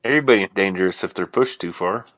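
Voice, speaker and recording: A man's voice: deep voice, fast, highs cut off, noisy background. A man joking around on a live stream, laughing often as he banters. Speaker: co-host on a live show.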